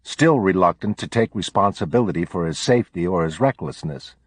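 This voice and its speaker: A man hosting a podcast, reading a book aloud in a steady, measured way. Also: deep voice, slight background noise. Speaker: podcast host.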